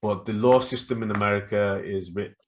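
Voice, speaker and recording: A man co-hosting a casual podcast, retelling stories with lively acted-out quotes. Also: on the low side, a little fast, a little hiss or hum. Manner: animated storytelling, acts out quotes. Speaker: podcast co-host. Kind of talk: casual chat.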